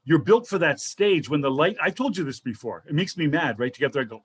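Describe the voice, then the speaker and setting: A man telling funny stories as a guest on a casual online talk show, lively and quick to act out the people he quotes. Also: on the high side. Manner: animated, jumps into voices for quoted people. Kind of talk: casual comedic storytelling. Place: home video show, remote call.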